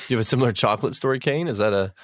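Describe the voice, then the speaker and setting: A young man co-hosting a casual podcast, asking quick teasing questions and joking along. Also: mid-range voice, no room sound, clean studio sound. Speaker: podcast co-host. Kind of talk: casual chat.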